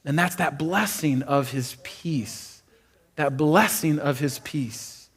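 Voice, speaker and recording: A man preaching a sermon to a church congregation, energetic and repeating phrases for emphasis, sometimes rising to near-shouts. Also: on the high side, slow, slightly rough. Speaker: pastor. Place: church auditorium before a congregation.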